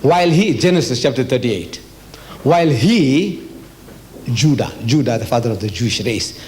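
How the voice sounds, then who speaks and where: An older man from South Africa giving a religious lecture to an audience, animated and rhetorical, often putting questions to the listeners. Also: medium pitch, moderate pace. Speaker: Islamic lecturer.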